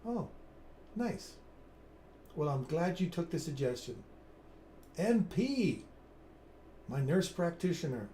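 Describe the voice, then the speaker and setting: A man's voice: mid-range voice, mellow, echoey room, a little hiss or hum. A man in his fifties hosting a live trading stream, chatting in an upbeat way and reading viewer comments aloud. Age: 50s. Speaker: trading livestream host.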